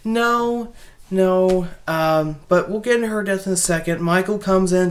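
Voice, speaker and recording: A woman's voice: on the low side, measured pace. A woman casually retelling a horror film's plot, rambling, with many restarts and asides. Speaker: movie reviewer. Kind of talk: casual spoken movie recap.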